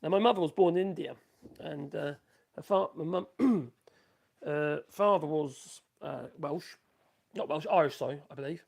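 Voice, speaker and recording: Chatting casually as he works, a man hosting a woodworking livestream rambles to his viewers and mutters to himself in his workshop. He has a creaky voice on the high side and a moderate pace.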